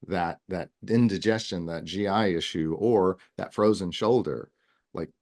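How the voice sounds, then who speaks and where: A man speaking as a guest in a casual podcast interview, earnest and rambling, with frequent restarts. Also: deep voice. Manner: earnest, talks in long runs with many restarts. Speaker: wellness guest.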